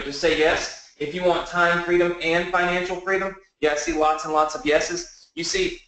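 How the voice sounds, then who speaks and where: Earnest man pitching in an echoey room. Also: a bit bright. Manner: earnest storytelling, often asks the audience for a yes. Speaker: online business presenter. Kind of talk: motivational webinar pitch.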